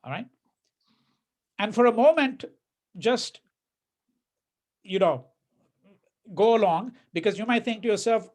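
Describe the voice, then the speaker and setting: In a university lecture, a man speaks with a high-pitched, darkish voice, a little slowly and with long pauses. He talks conversationally, asks "right?" often, repeats words, and delivers quoted lines in a mocking tone.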